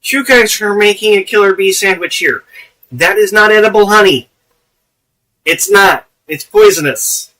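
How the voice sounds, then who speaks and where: A man's voice: sits high, unhurried, pushed and bright, recorded from a distance, rough recording. A man giving casual, profane commentary on a live stream, laughing often.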